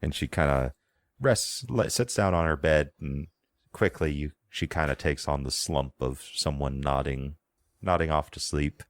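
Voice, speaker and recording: A man narrating a tabletop role-playing game as game master, in a casual, halting way. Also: a bass voice. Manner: casual, halting, lots of fillers and laughs.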